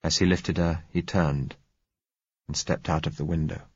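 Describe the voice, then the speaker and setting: A man narrates a first-person story in a very deep, husky voice. His reading is measured and somber. The recording is dry and a little dull. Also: steady tone, no echo. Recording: dry, slightly dull audio.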